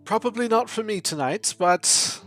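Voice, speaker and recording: A man playing a tabletop game, answering in character with measured, polite composure. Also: sits high, expressive, fairly bright tone, faint music behind. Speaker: player. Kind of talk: in-character tabletop role-play.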